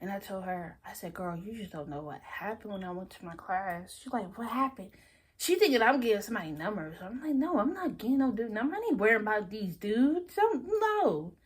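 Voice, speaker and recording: A young woman casually telling a story-time vlog, animated and laughing often, acting out her friends' lines. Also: mid-range voice, a little fast, husky. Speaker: storyteller vlogger.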